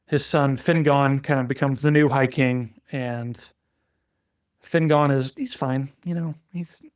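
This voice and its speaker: A man co-hosting a podcast, talking through fantasy lore in an easygoing, conversational way. He stops and restarts his sentences and leans on filler words. His voice sits at an ordinary middle pitch and sounds dry and close to the mic, with no room echo. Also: fairly even intonation, measured pace, clean tone. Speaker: podcast co-host. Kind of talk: casual chat retelling fantasy lore.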